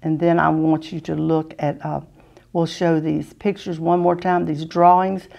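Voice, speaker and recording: A woman teaching a children's Sunday school lesson, patiently asking the children questions and often clearing her throat. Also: sits low, flat delivery, a little slow, dark tone.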